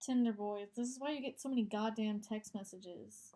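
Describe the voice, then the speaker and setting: A woman's voice: mid-range voice, normal speed, warm tone. A woman co-hosting a casual podcast chat, blunt and swearing as she gives her take. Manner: supportive interjections, blunt swearing. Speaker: podcast co-host.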